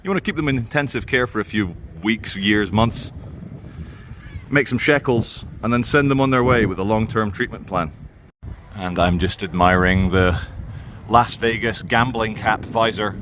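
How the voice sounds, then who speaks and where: A man's voice: fairly low pitch, normal speed, a bit bright, slight background noise. A man vlogging while he walks outdoors by a waterfront, talking in a sardonic, rambling way into a handheld camera. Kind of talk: walking vlog commentary.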